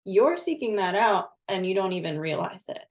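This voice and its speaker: Gravelly-voiced woman podcast co-host. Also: medium pitch, very animated, normal speed. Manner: thoughtful, circles back on her words. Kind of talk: podcast conversation.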